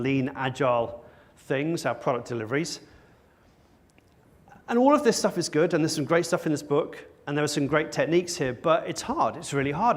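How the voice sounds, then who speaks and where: Man, conference speaker on stage, somewhat high voice, wry, self-mocking. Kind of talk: conference talk. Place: conference stage before an audience.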